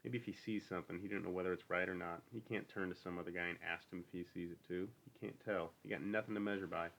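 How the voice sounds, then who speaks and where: Man voicing a stable hand, older, lonely, bitter, needling, rural drawl, very deep voice. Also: steady tone, fast talker, vocal fry, a bit bright. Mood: lonely, wistful. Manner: brooding, needling, rural dialect.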